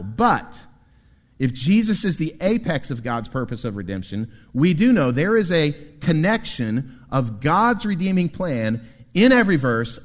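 A male pastor preaching to his congregation, his slightly high voice swinging up and down with emphasis. He throws in quick asides between points. The sound carries a long reverb from the church sanctuary. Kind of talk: sermon.

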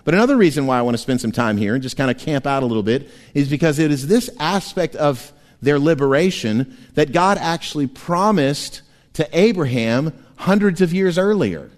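A man preaching a sermon as pastor, animated and playful, often laughing and slipping into quick voices. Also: on the high side. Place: church sanctuary. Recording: long church hall reverb.

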